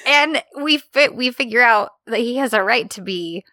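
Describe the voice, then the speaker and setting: A woman's voice: a little high, animated, moderate pace, sharp tone, no room sound, studio quality. A woman co-hosting a podcast, chatting eagerly with frequent laughs and acting out dialogue. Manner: giggly, enthusiastic, acts out dialogue. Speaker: podcast co-host. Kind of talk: casual chat recapping a TV series.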